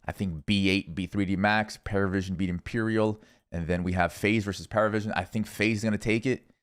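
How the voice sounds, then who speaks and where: A young man streaming, casually rambling through esports predictions with lots of swearing and thinking out loud. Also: on the low side, fairly even intonation, a little fast. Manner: rambling, profane, thinking aloud.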